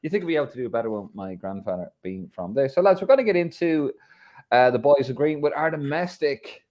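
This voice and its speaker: A man's voice: quick pace, dull audio. Irish guy hosting a footy podcast, jokey banter, swears a bit, voice jumps around. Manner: banter-filled, swears, lively swings in pitch. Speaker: podcast host. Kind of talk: casual football chat.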